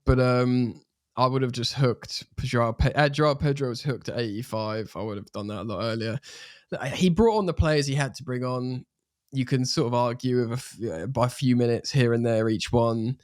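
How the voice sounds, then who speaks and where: An animated man from England talks football on a podcast with casual energy and the odd swear. His voice sits mid-range and sounds close, with no room around it. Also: medium pitch, moderate pace, no room sound. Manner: animated, swears freely, puts on playful accents. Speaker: podcast co-host.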